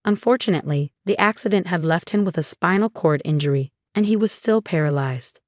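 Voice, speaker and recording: A woman narrates a first-person family drama in an even, steady storytelling voice that sits a little low and moves a little fast. The recording is close and completely dry, without any echo.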